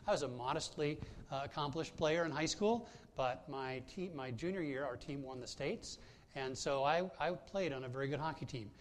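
A pastor with a fairly high-pitched voice preaches a sermon at normal speed. He tells a personal story conversationally, often hesitating and restarting.

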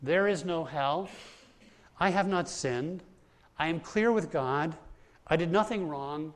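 Preacher putting on a defiant unrepentant condemned guy, slightly higher voice. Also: slow pace.

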